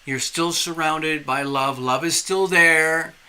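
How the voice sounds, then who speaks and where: Bright-voiced man reading tarot. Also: on the high side, steady tone, slow pace, clear, resonant tone. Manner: rambling, spiritual, repetitive. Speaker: tarot reader.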